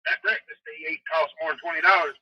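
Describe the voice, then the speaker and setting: A man's voice: on the high side, steady tone, quick pace, no room sound, highs cut off. A man calling in over a phone on speaker, ranting angrily with constant profanity and threats, often stammering and restarting. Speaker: phone-in guest. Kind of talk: angry call-in rant.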